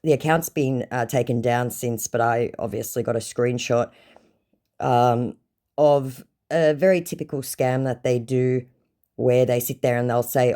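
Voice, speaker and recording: A woman's voice: a bass voice, moderate pace, warm tone. A woman telling a story about a scam chat in a casual, sarcastic and mocking way. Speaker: scam-baiting content creator.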